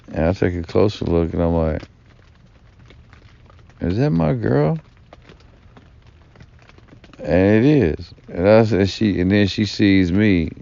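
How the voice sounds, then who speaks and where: With a deep, warm, clean voice and no room sound, this vlogger rambles through a long personal story, swearing and padding it with fillers and asides. The recording itself is dull and lo-fi.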